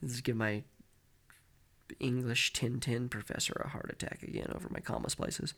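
A man's voice: medium pitch, steady tone, moderate pace, vocal fry, over loud music. A man co-hosting a comedy podcast who reads a story aloud, laughing often and tripping over words. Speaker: podcast co-host. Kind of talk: casual chat and reading a story aloud.

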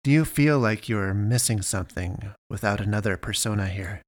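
A man voicing a calm, gentle young man in an animal fursuit, speaking softly and unhurriedly. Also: fairly low pitch, normal speed, no room sound, clean studio sound, natural voice.

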